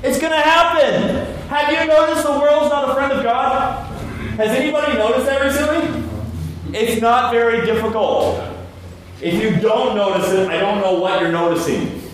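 A male preacher with a high voice delivers an emphatic sermon, swinging between hushed lines and loud ones. He is recorded in a church hall with heavy echo, from a mic set some distance away, with a faint hiss behind. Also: fairly even intonation, normal speed. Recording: echoey hall, mic far off.

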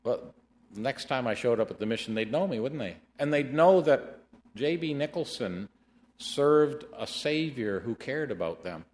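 A middle-aged man preaches a sermon, his pitch rising and falling freely as he tells a story. He slows right down whenever he reads scripture, then picks the pace back up for the narrative. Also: expressive, a little mellow.

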